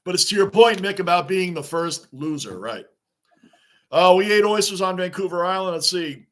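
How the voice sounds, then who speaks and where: High-voiced man hosting a sports reaction stream. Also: normal speed. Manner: excitable, talks back to chat comments, rambling. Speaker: live-stream host. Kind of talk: live sports reaction stream, chatting with viewers.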